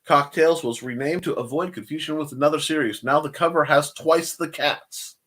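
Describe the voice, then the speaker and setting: A man's voice: fairly high pitch, moderate pace, fairly bright tone. A man hosting a casual live-stream chat show, rambling through plugs with jokey asides and self-corrections. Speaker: show host.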